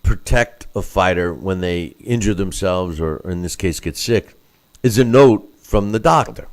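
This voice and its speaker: A man's voice: low voice, unhurried. A man co-hosting a boxing podcast, rambling with lots of fillers and restarts. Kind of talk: casual chat.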